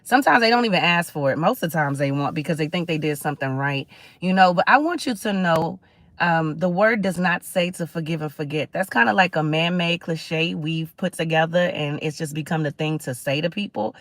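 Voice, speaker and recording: A woman's voice: deep voice, fairly quick, dry recording. A middle-aged woman hosting a casual livestream, talking in a chatty, preachy way and greeting viewers. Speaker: livestream host.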